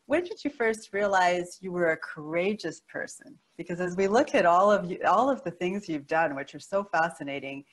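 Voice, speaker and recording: A woman with a fairly low-pitched voice hosts an interview. She asks her guest questions, praising her and adding laughing asides along the way. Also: rough recording. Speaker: interview host.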